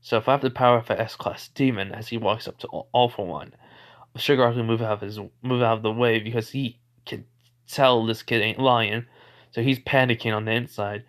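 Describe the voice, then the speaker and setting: A man's voice: mid-range voice, steady tone, brisk, a bit bright. A man narrating an improvised fan-fiction story in a rambling way, with many fillers and restarts.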